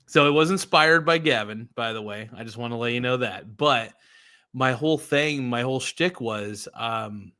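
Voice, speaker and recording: A man's voice: medium pitch, normal speed, sharp tone. A man hosting a podcast in casual chat, laid-back, cursing and calling his guest dude. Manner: laid-back, swears a lot, says dude. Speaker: podcast host.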